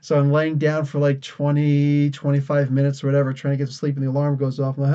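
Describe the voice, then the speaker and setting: A man's voice: a little high, monotone, fast talker, few pauses, mellow, smooth, muffled recording. A man from New Jersey hosting a casual comics podcast livestream, tired and rambling, laughing often. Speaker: podcast host.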